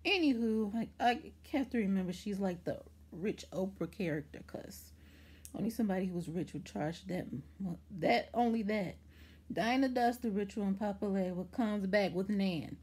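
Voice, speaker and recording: A woman's voice: medium pitch, moderate pace, slightly rough. A woman casually recapping a TV episode in a chatty, rambling way, full of fillers and acted-out quotes. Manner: chatty, rambling, lots of "like" and "anywho"; animated retelling with acted-out quotes. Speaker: TV show reviewer.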